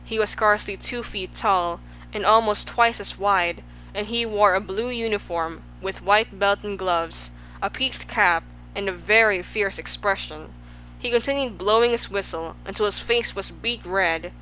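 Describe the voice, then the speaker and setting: A woman reading a children's storybook aloud as the narrator, lively and expressive. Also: mid-range voice, a little hiss or hum, low-quality recording. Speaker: audiobook narrator.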